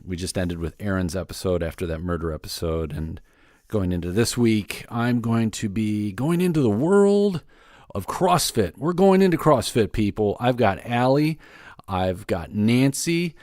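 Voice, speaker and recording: A man's voice: fairly low pitch, a little slow, a little mellow, dry recording, clean studio sound. A man hosting his own podcast, giving a casual, rambling solo update with plenty of fillers and restarts. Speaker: podcast host.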